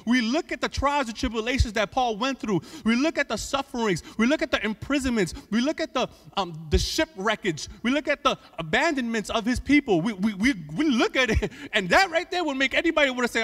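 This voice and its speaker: A man preaching as a pastor, candid and emotional, moving between hushed storytelling and emphatic preaching, with conversational restarts. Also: extremely high pitch, expressive, brisk, few pauses. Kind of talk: sermon. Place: church sanctuary. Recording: church hall with long reverb.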